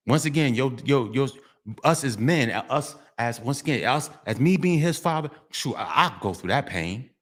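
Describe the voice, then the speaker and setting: A man's voice: medium pitch, animated, normal speed. A middle-aged man, delivering a street monologue vlog, preachy and repetitive, often breaking into sing-song refrains. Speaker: vlogger.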